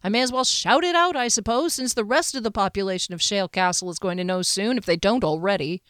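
A woman's voice: mid-range voice, quick pace, a bit bright, smooth, no room sound, natural voice. Storybook heroine: blunt, spirited young woman warrior, read by a woman, dry booth sound. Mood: defiant. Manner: blunt and exasperated.

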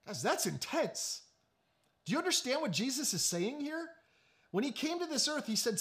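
A male pastor preaching a sermon in a high voice that swings widely in pitch. He leans into slow, hushed emphasis, then breaks into quick joking asides. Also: big pitch swings.

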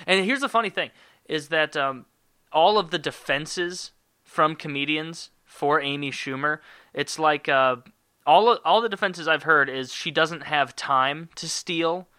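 A man delivering a rambling, sarcastic solo podcast rant full of swearing. His voice is very bright and sharp-edged, and the sound is dry and close. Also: fairly high pitch, clear, resonant tone, no echo. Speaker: podcast host.

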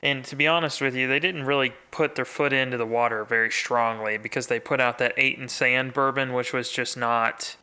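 Bright, smooth-voiced man co-hosting. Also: mid-range voice, steady tone, a little fast, hardly any pauses. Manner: enthusiastic, conversational with restarts. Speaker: podcast co-host. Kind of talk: casual chat.

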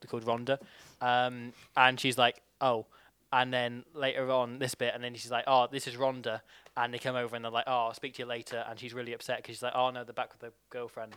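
A man's voice: mid-range voice, fairly bright tone, smooth, dry recording. A man mockingly recapping a film plot in a rambling way, acting out the characters' lines.

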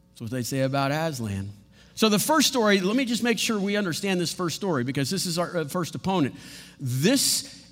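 A male preacher with a high, very expressive voice that leaps up and down as he delivers a sermon. He talks animatedly, slipping into quick acted-out bits. His voice rings with the long reverb of a big hall. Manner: animated, acts out quotes in playful voices.

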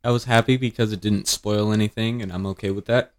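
Chill podcast guy, kinda low voice, laughs easy. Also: steady tone, quick pace. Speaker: podcast co-host. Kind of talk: casual chat.

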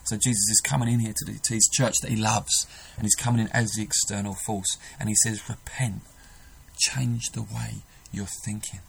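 A man's voice: fairly low pitch, level tone, quick pace, hardly any pauses, slight background noise, low-quality recording. A man preaching a sermon, earnest and emphatic, often restarting his sentences.

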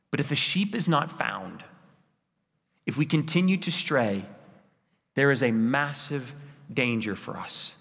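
A man's voice: mid-range voice, a bit bright. A man preaching a sermon as pastor, in an earnest, pleading tone with repeated rhetorical lists. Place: church sanctuary. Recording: church hall with long reverb.

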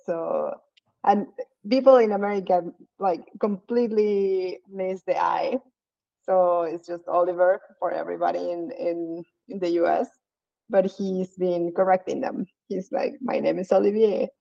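A woman from France, chatting casually, laughing often and pausing on fillers. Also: fairly low pitch, steady tone, gravelly, dull audio. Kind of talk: casual comedic chat.

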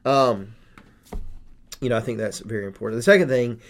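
A man's voice: mid-range voice, a little fast. A man hosting a casual faith podcast, earnestly explaining his points step by step. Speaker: podcast host.

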